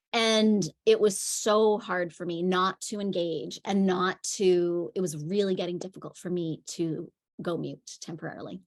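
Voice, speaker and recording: A woman's voice: on the low side, fairly even intonation, moderate pace, few pauses. A woman parenting coach giving a conversational teaching talk, telling stories with frequent fillers. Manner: chatty storytelling with frequent fillers.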